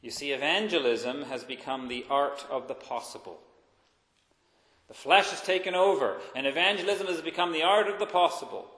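A man preaching in a fairly high voice, earnest and searching. He builds up to emphatic points and then falls back to a hushed tone. His words ring through a roomy hall with a long reverb. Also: animated, normal speed. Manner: earnest, rises in emphasis then drops to quiet asides. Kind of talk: sermon.

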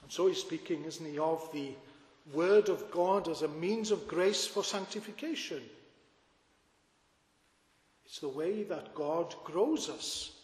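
A man's voice: fairly high pitch, slow pace, pauses often. A man preaching a sermon as pastor, earnest and full of rhetorical questions to his congregation. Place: church. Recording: echoey church with long reverb.

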